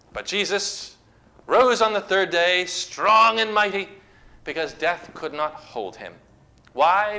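A man's voice: a little high, pushed and bright. A man preaching a sermon, retelling scripture with dramatic, emphatic storytelling.

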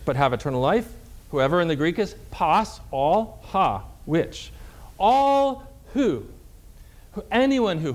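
A man preaching a sermon as a Lutheran pastor, reading verses slowly and asking the congregation questions that he answers himself. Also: fairly high pitch. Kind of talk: sermon teaching from scripture.

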